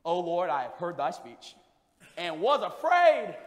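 A man preaching a revival sermon, dropping to a hush and then rising to shouts. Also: high voice, wildly swooping pitch, a little slow. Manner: swings from hushed to shouting. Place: church sanctuary. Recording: echoey hall with long reverb.

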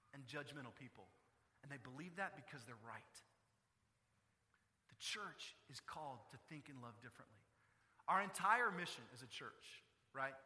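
A man preaching a sermon as pastor, impassioned, swinging from emphatic high peaks down to quiet, intimate stretches. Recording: reverberant hall.

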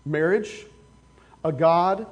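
A male pastor preaching a sermon, with casual stories and sudden loud, emphatic outbursts. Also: fairly high pitch, extremely slow.

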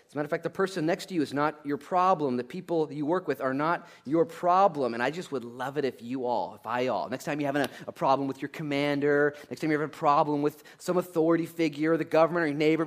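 A man preaching a sermon in a lively, conversational way, laughing now and then and building to emphatic, loud peaks. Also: on the high side, fast talker, hardly any pauses. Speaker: pastor.

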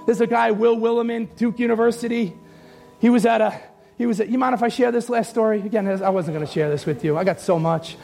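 A male pastor preaching a sermon in church, passionate and often shouting, stretching out his phrases, then dropping to a low confiding tone. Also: fast, vocal fry. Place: church sanctuary.

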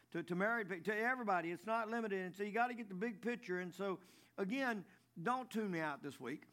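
A man's voice: high-pitched, bright, forceful tone. A man preaching a folksy sermon, stumbling over and repeating words as he tells jokes. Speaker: pastor.

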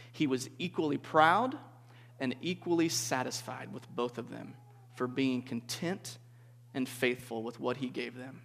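A man preaching to a group in a relaxed, conversational way, often checking in with "okay?" and asking the listeners questions. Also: mid-range voice. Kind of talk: interactive sermon. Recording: reverberant hall.

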